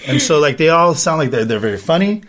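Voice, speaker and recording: A man's voice: a little high, big pitch swings, fast, a bit bright. A man hosting a podcast in casual banter, brash and rambling, swearing often. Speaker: podcast host.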